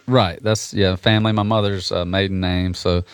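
Low-voiced man chatting as a radio guest. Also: normal speed, smooth, dry recording. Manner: relaxed and rambling, with many restarts and fillers. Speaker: guest musician. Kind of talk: casual radio interview.

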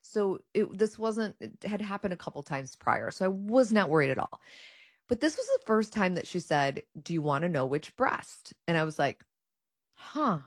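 Woman guest, low pitch, animated storyteller, dry close mic. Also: moderate pace, no room sound. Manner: animated, acts out her own and others' quoted words. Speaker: guest sharing her cancer story. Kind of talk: casual personal storytelling.

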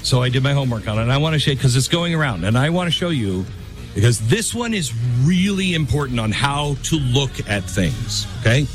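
A man's voice: medium pitch, lively intonation, brisk, faint music behind. A man hosting a talk radio show, chatting in a loose, rambling way with lots of ums and restarts. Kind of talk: casual talk radio monologue.

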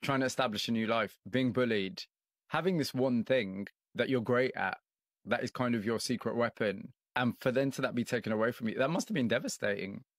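Measured male radio presenter, dry studio. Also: medium pitch, no room sound. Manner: measured, storytelling delivery. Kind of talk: scripted radio narration and interview. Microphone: studio mic.

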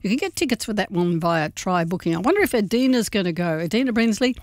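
A woman co-hosting a radio show, chatting casually and reading a gig guide in a warm, slightly rambling way. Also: medium pitch, expressive, quick pace, no echo. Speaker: radio co-host. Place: radio studio.

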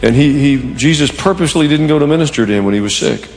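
A man's voice: on the high side, lively intonation, fast, creaky, long reverb tail, faint music behind. A man preaching a sermon in church, telling a story with animation and acting out the quoted lines. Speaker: pastor.

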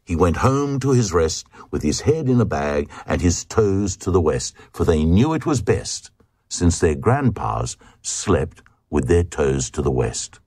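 Male reader, low and lively, slow playful delivery of comic verse, dry. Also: breathy edge, no room sound. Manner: playful, sing-song storytelling. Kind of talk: reading comic verse aloud.

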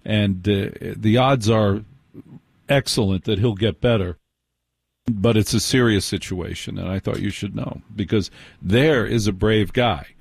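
A man hosting an interview in casual chat, speaking in an earnest, measured way. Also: lowish voice, gravelly, slightly rough, dry recording. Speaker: podcast host.

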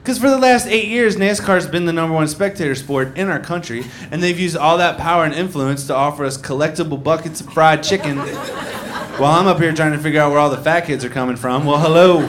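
A man doing a stand-up comedy set, telling stories with quick asides over a live crowd. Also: fairly high pitch. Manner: animated storytelling with quick asides. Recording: live club mic with audience noise. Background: laughing crowd.

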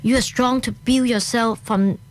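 A woman with a Hong Kong accent, a guest in a casual interview, talking in short animated bursts with frequent restarts. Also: a little high, normal speed.

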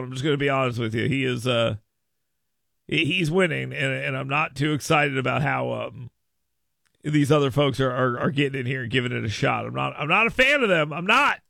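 A man hosting a sports stream with a gravelly, fry-heavy voice and a bright, forward edge. He talks off the cuff and keeps tripping over and repeating his words. The sound is close and dry. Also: mid-range voice, expressive, moderate pace, dry recording. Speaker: sports show host. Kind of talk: casual live-stream commentary.

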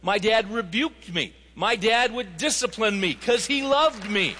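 A man's voice: sits high, expressive, a little slow, bright, forceful tone, big-room sound, a little hiss or hum. A man preaching a sermon, telling stories and rising to emphatic appeals to his listeners. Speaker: pastor.

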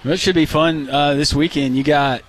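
A man's voice: on the high side, moderate pace. A man co-hosting a sports talk radio show, joking and bantering with his colleagues. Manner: animated, joking. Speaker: radio co-host.

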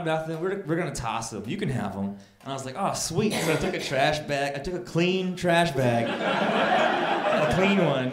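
Stand-up comic man in a roomy club. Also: on the high side. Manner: storytelling, building to loud exasperated punchlines. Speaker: stand-up comedian. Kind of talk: stand-up comedy set. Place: comedy club stage with a laughing audience. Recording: roomy club recording with crowd laughter.

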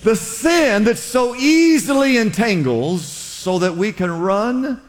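A man's voice: high voice, expressive, takes it slowly. A man preaching a sermon as pastor, urging his listeners on with earnest, repeated calls. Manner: earnest, repetitive exhortation. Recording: long hall reverb.

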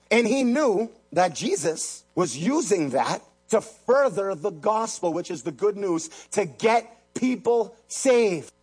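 A man's voice: sits high, slightly rough. A man preaching a sermon as pastor, emphatic, repeating key lines and mixing in jokes.

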